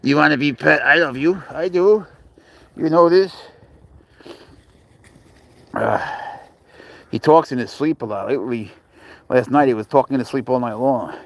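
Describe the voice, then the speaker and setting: A man chatting casually on a live stream, swearing freely, laughing often and slipping into soft baby talk with his pet. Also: mid-range voice, moderate pace, gravelly, pauses often, low-quality recording.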